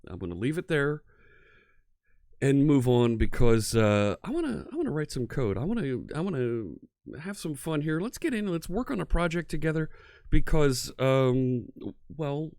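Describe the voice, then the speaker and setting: A man's voice: fairly high pitch, big pitch swings, moderate pace, darkish tone, no room sound, studio quality. A man from near Philadelphia with an American accent, hosting a casual live-coding stream and chatting with viewers. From United States, near Philadelphia. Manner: chatty, greets viewers, laughs easily. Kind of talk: casual livestream chat.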